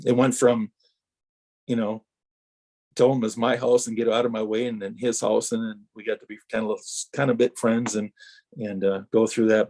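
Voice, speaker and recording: A man's voice: lowish voice, gravelly. A middle-aged man from Wisconsin, a former racer, telling rambling racing stories as a podcast guest and acting out the exchanges he quotes. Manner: animated anecdotes, acts out quoted exchanges. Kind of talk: rambling storytelling.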